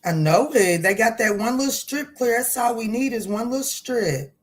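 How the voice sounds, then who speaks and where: Speaking at a normal speed in a slightly high, lively voice, a middle-aged tarot reader hosts a casual, playful livestream. She laughs a lot and responds to comments from viewers.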